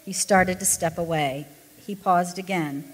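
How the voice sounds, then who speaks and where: A woman reading a true story aloud to a congregation, with expressive storytelling. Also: on the low side, unhurried. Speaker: pastor's wife reading a story. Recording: echoey hall.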